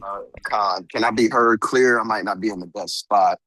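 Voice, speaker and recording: A man in a study group explaining his reasoning on a call, slow and halting as he thinks aloud. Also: lowish voice, a bit bright, no echo, poor audio.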